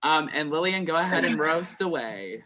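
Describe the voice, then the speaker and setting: A man's voice: fairly high pitch, animated, normal speed, highs cut off, a loud crowd. A man hosting an online competition game over group voice chat, loose and chatty, with laughs between announcements.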